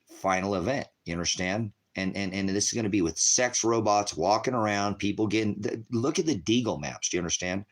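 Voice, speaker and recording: Profane ranting man, low voice. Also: fairly quick, hardly any pauses. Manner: profane, agitated, ranting, addresses viewers as brothers and sisters. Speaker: ministry livestream host. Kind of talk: profane livestream rant.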